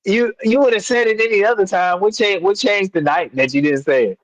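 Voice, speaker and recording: A high-pitched man talks a little fast as he hosts a laid-back live sports chat, full of fillers and bursts of sing-song chanting. He's a sports podcast host, and the dull lo-fi mic captures him dry, without any echo.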